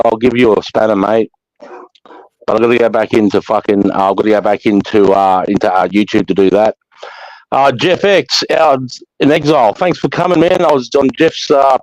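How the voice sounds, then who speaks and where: A man's voice: medium pitch, no room sound, poor audio. Sweary Australian man hosting a livestream. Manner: sweary, matey shout-outs to chat. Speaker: livestream host. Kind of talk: casual livestream chat.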